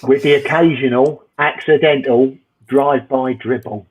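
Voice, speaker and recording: A man's voice: medium pitch, steady tone, normal speed, breathy edge. A middle-aged English man doing a dry, rambling, self-mocking stand-up routine. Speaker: stand-up comedian. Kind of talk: stand-up routine over video call. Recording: tinny phone-like line.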